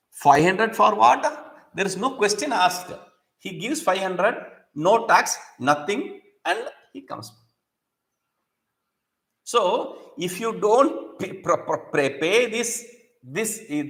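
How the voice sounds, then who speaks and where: A man's voice: on the high side, a bit bright. Man teaching scripture in an echoey room. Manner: recites Sanskrit verses, then explains them in English with many restarts. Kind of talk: scripture lesson, explaining verses.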